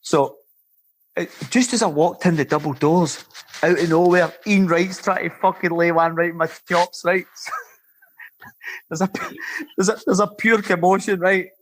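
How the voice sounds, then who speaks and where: A Scottish man in his fifties, a former footballer and podcast guest, telling lively rambling stories and swearing freely. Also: high voice, moderate pace. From Scotland. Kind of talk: casual anecdotal storytelling.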